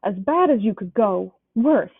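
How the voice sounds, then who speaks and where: A woman reading a storybook aloud and voicing a big, gruff, kindly male giant who blusters in a rustic dialect. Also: mid-range voice, expressive, measured pace, no room sound. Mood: worried. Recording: dry, tinny phone-like sound.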